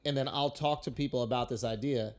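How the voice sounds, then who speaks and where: A man's voice: medium pitch, steady tone, fairly quick. A male comedian hosting a podcast, riffing casually in loose slang. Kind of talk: casual chat.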